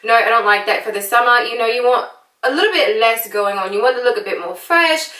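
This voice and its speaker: Brief: playful American woman, fake British accent, fairly high voice, echoey room and a mic set back. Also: expressive, brisk, sharp tone, far from the mic. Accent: put-on British. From United States. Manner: playful, chatty, laughs often. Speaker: beauty vlogger. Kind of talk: casual makeup tutorial.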